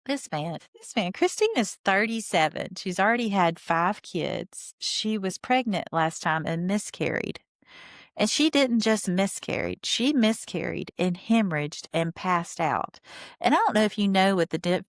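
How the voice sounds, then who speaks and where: Indignant woman podcast host, low voice. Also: no room sound, clean studio sound. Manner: opinionated, indignant, talks straight to listeners. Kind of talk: casual rewatch commentary.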